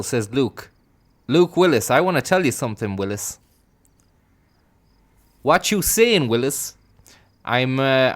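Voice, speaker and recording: A young Irish man rambling through sweary deadpan jokes while commentating on a game he plays. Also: mid-range voice, unhurried, long pauses. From Limerick, Ireland. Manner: meandering, sweary, deadpan riffing. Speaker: gaming streamer. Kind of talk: rambling comic commentary over gameplay.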